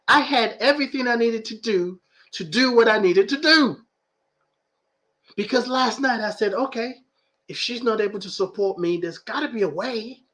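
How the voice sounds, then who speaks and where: Man, high voice, preacher-like delivery, emphatic repeats, emotional, middle-aged podcast host. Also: a bit bright. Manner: laughs often, emotional and full of feeling. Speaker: podcast host and life coach. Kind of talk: live-streamed spiritual talk reading viewer comments.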